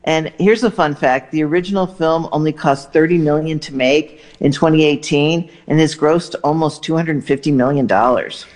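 A man giving entertainment news on a radio show in a brisk, chatty, enthusiastic way. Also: a little high, darkish tone. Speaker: entertainment reporter.

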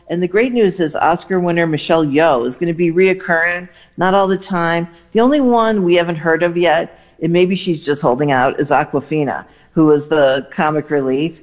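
A man giving entertainment news on a radio show in a brisk, chatty, enthusiastic way. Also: on the high side. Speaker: entertainment reporter.

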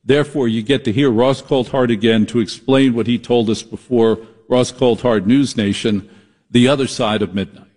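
A man's voice: medium pitch, fairly even intonation, normal speed, darkish tone. A man hosting a talk radio show, riffing sarcastically in a comedic monologue. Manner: riffing, sarcastic, puts on mocking voices.

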